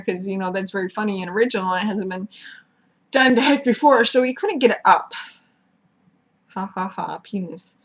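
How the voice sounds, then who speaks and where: A woman's voice: fairly high pitch, a bit bright. A woman giving a casual, sarcastic recap of a TV episode, swearing freely and mocking the cast. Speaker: recap vlogger.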